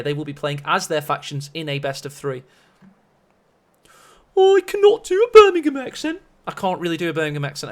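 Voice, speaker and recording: A man casting a strategy-game match on a live stream, chatty and rambling with self-mocking asides. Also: on the high side. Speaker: esports caster.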